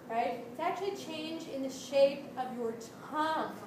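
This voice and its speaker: A woman vocal instructor leading a group singing lesson, brisk and encouraging, checking in with the class and singing demonstration notes. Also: high voice, lively intonation, darkish tone. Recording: echoey room from a distance, noisy.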